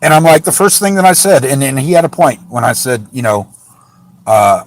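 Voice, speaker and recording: In a parked car, a channel host rants to camera about a run-in with police, sounding frustrated and indignant. His medium-pitched voice is expressive and a little fast, and he rambles with lots of fillers and restarts. The recording quality is low.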